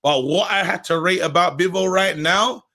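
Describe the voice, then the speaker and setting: A man's voice: high voice, moderate pace, sharp tone. A man co-hosting a podcast, chatting animatedly and acting out quotes between laughs. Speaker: podcast co-host. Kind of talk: casual boxing chat.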